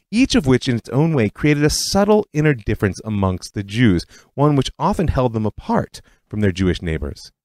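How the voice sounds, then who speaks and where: A podcast host narrates history in a scripted, storytelling style with lively delivery. His voice is medium-pitched and the recording is dry.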